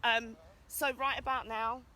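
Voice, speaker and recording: A woman's voice: fairly high pitch, little pitch movement, a little slow, pushed and bright. A British woman giving an urgent, impassioned rant in an outdoor vlog, calling out to people passing by. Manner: urgent, exhorting, calls out to passers-by. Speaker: vlogger.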